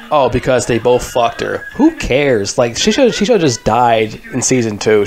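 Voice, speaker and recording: A man ranting in a casual vlog, heated and frustrated, swearing a lot and leaning on filler words. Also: medium pitch. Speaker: vlogger. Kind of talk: casual rant about a TV show.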